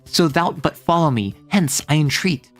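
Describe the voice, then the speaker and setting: Streamer doing young male rescuer, earnest, urgent, verse, mid-pitched. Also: animated, moderate pace, faint music behind, natural voice. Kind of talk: dramatic reading of a classic play.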